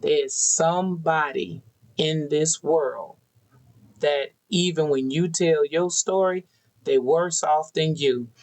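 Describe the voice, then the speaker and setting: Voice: medium pitch, slow pace, a little mellow, rough recording. A tarot reader giving a spiritual card reading to viewers, talking to them directly in an earnest, preachy way with a lot of repetition. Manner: speaks to an unseen audience.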